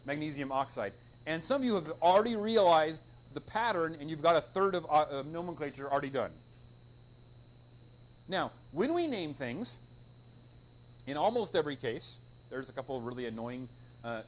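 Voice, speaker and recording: A middle-aged male chemistry teacher lecturing a class, his pitch leaping up and down as he quizzes the room with playful jokes. His voice sits a little high for a man. Faint classroom noise hums behind him. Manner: lively, joking, quizzes the class with call-and-response.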